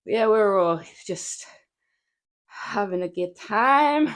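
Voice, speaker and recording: A woman's voice: medium pitch, animated, takes it slowly. Breathless woman chatting through a workout. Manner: chatty, playful, laughs often, chats with viewers. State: out of breath from exercise. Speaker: livestreamer. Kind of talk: casual livestream chat while working out. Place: home flat.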